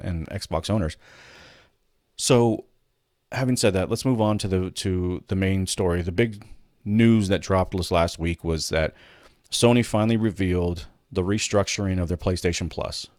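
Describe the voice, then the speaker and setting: A man's voice: low-pitched, a little mellow, no room sound, studio quality. A man hosting a casual commentary show, talking bluntly with frequent swearing and rambling restarts. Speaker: host.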